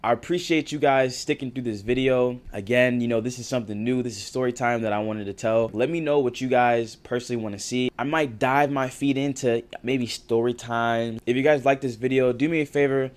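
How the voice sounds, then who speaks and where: A young man in his twenties telling a story to camera in an animated, slangy, casual way. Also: medium pitch, brisk, hardly any pauses. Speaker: vlogger.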